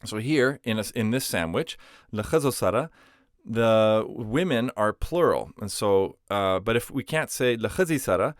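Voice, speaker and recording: A man's voice: fairly low pitch, lively intonation, moderate pace, no echo, clean studio sound. A man teaching a language lesson, explaining patiently with simple everyday comparisons. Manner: patient, uses simple analogies.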